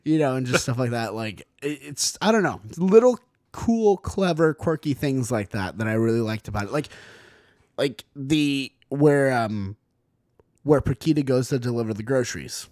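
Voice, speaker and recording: A man's voice: medium pitch, animated, normal speed, darkish tone, no echo, clean studio sound. A young man co-hosting a podcast, chatting casually and animatedly, full of "like" and "dude", acting out quotes. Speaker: podcast co-host. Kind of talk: casual chat about a horror film.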